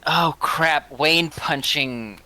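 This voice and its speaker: A man's voice: a little high, extremely slow, sharp tone. A man playing a tabletop game, casually thinking aloud. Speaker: player.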